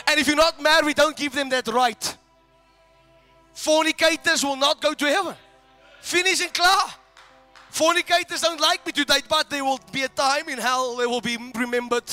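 High-voiced, fiery shouting male preacher. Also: fairly even intonation, moderate pace, faint music behind. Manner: impassioned, swings from hushed to shouting. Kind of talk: fiery sermon.

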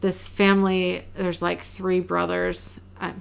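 A woman co-host in casual podcast chat, her voice carrying a gravelly vocal fry. She retells scenes animatedly. She keeps checking in with her co-host as she goes. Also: lowish voice, takes it slowly. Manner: casual, animated retelling, checks in with "you know what I mean".

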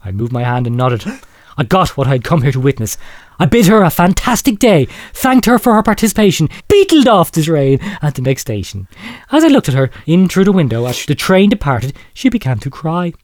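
Theatrical male radio host, lively pitch. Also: brisk, dry recording, studio quality. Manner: theatrical, laughing storyteller. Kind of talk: comic radio letter reading. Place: studio.

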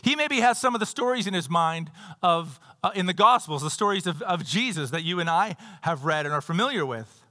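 A man's voice: high-pitched, lively intonation, brisk, pushed and bright. A male pastor preaching a sermon in a church. He talks conversationally, reads scripture aloud, and adds playful asides. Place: church sanctuary. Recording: long hall reverb.

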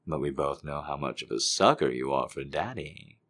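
A man voicing a dominant, seductive grown man in a slow, breathy whispered role-play. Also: expressive, fairly bright tone, full character voice. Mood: teasing. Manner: slow, low, breathy murmur.

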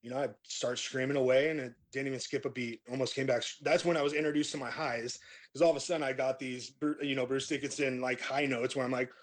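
A man's voice: medium pitch, fairly even intonation, fast talker. A middle-aged man, a metal band vocalist, telling his story in a casual interview, laid-back and rambling with lots of fillers and restarts.

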